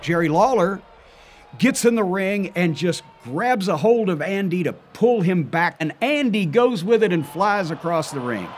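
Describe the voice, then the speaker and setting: An older man and wrestling historian recounting events as an animated, vivid storyteller. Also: high-pitched, unhurried. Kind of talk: storytelling interview.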